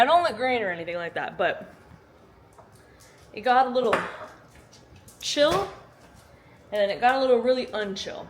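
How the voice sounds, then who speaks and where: A woman's voice: fairly high pitch, background noise. A woman vlogging casually at home, chatty and joking, laughing often and swearing casually, recorded on a handheld phone. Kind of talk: casual vlog chat. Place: at home during a storm.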